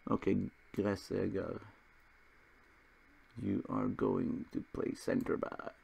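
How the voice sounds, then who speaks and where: A young man talks through a football management game in a low, gravelly voice. He rambles between match moments and pokes fun at himself in a loose, chatty way. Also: sing-song, takes it slowly, a little mellow. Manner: rambling, self-deprecating, chuckling asides. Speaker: gaming video host. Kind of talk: casual Football Manager let's play commentary.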